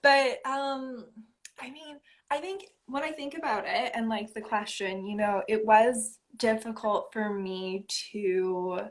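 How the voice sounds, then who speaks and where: A woman's voice: on the high side, slow pace. A woman poet being interviewed, speaking in a casual, reflective way with many fillers and light laughs.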